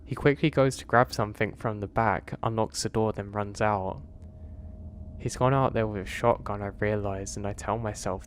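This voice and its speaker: A man narrating a first-person horror story in a steady storytelling way. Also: on the low side, normal speed, a little hiss or hum.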